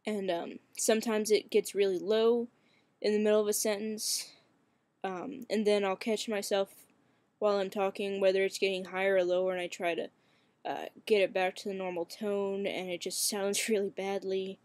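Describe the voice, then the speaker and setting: A man's voice: high-pitched, level tone, moderate pace, darkish tone, no echo. A young man in a casual webcam vlog, talking hesitantly with lots of fillers and swearing, his voice cracking and turning shaky.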